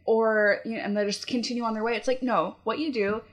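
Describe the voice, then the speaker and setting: A woman's voice: fairly high pitch, fairly even intonation, fairly quick. Chatty opinionated young woman. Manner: chatty, opinionated, heavy use of "like". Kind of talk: casual chat.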